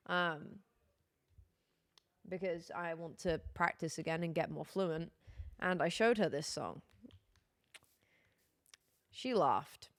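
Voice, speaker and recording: A woman's voice: fairly low pitch, slow pace, long pauses, a bit bright, no room sound, clean studio sound. A young British woman streaming a game, chatting casually in a rambling, self-correcting way. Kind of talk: casual chat while gaming.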